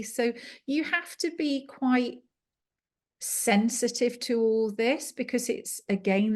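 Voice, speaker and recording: A woman being interviewed as a clairvoyant guest over a video call, talking in a chatty, animated storytelling way. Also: mid-range voice. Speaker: clairvoyant and angel card reader guest.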